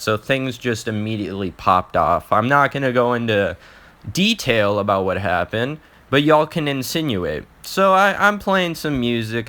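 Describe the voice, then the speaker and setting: A man's voice: medium pitch, sharp tone. A young man telling an embarrassing personal story in a casual, profane vlog, often restarting his sentences.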